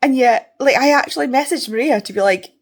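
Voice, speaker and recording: A woman's voice: sits high, brisk. Chatty Scottish woman vlogging. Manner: chatty, ranting, swears freely. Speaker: book vlogger. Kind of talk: casual vlog chat.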